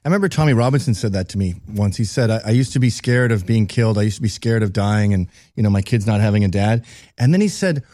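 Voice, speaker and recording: Calm male guest, dry close sound. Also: lowish voice, fast talker, dry recording. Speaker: talk show guest. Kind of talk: casual conversation.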